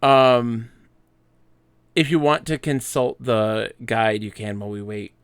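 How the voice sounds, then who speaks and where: A man's voice: mid-range voice, level tone, slow, smooth, no room sound, clean studio sound. A man streaming a text adventure game, reading its text aloud and bantering playfully. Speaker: streamer and co-host.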